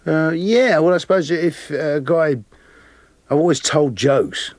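A man with a Cockney accent, a guest actor telling lively anecdotes with frequent laughter. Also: on the high side, measured pace, dry recording. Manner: animated, laughing often, plays voices in his stories. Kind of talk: storytelling interview anecdotes.

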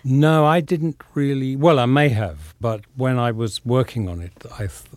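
An older English actor talking reflectively in an interview, pausing often with fillers. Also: male voice, mid-range voice, no room sound. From England. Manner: thoughtful, pausing, many fillers.

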